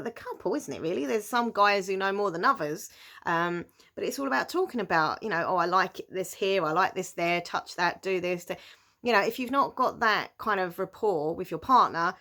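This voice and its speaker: A woman's voice: medium pitch, animated, a little fast, gravelly, a bit bright. A young British woman chatting casually to camera as she answers viewer questions, giggling often and speaking with many fillers. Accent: British English.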